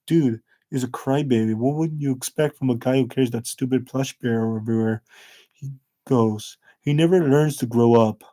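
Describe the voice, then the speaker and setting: A man's voice: mid-range voice, moderate pace, warm tone, close to an everyday voice. A man voicing a cocky, mean teenage boy who talks in a snide, dismissive way.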